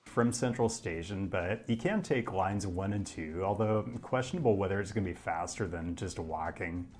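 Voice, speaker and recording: A man from the Pacific Northwest with an American accent, giving scripted narration with dry, deadpan humor. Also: deep voice, moderate pace, a little hiss or hum. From Pacific Northwest, United States. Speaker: video essayist.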